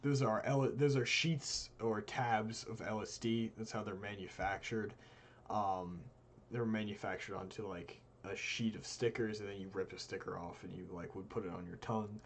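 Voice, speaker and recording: Young male co-host, low voice, animated storyteller, faint room noise. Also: moderate pace. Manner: animated, voices quoted friends with big jumps in pitch. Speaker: live stream co-host. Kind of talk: casual storytelling.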